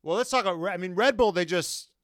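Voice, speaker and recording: A man's voice: high-pitched, quick pace, a bit bright, no room sound, clean studio sound. A young man co-hosting a podcast, chatting casually and jokingly, full of restarts and mock voices. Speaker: podcast co-host. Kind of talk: casual comedic chat.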